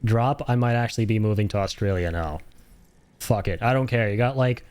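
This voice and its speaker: A Canadian man chats loosely over his gameplay stream, rambling from one thought to the next and laughing often. His voice sits fairly low. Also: a little fast, a little mellow, clean tone. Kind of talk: casual commentary over gameplay.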